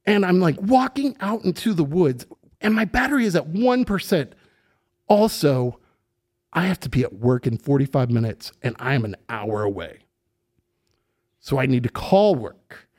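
A middle-aged man, a podcast guest, casually telling an animated story and swearing freely. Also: fairly high pitch, moderate pace. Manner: animated, swears freely, acts out voices in quotes.

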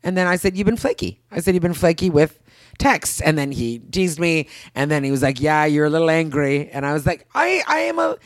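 A woman in her thirties chatting casually as a podcast co-host, acting out quotes with big jumps in pitch. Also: a little fast, no echo, clean studio sound. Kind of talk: casual chat.

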